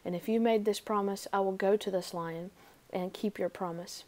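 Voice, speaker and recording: A woman's voice: mid-range voice, steady tone, moderate pace, darkish tone, natural voice. A woman voicing a brave young daughter. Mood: resolute. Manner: resolute, earnest.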